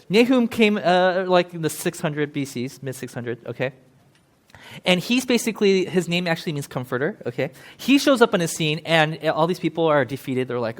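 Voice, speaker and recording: A man preaching in a church with an easy, conversational style. His voice sits a little high, and he talks loosely and jokes with the congregation as he explains the text. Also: lively intonation. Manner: chatty, joking, with quick laughs. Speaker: pastor. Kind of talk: casual sermon.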